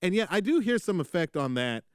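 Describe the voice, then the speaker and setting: Chatty man, smooth clear voice. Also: sits high, fairly quick, no echo, studio quality. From Atlanta, USA. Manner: animated, lots of fillers and restarts. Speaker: podcast co-host. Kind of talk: casual music discussion.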